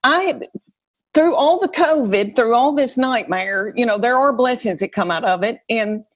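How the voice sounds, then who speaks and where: A woman in her fifties with a Tennessee Southern accent, a podcast co-host and comedian chatting casually in a folksy, animated way. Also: a little high, normal speed. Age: 50s. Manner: animated, folksy, calls people honey. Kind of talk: casual chat.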